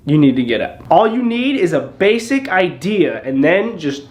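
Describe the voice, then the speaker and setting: A man vlogs to camera in a cocky, joking tone. His voice is pitched a little high. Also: very animated, moderate pace. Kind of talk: vlog talk to camera.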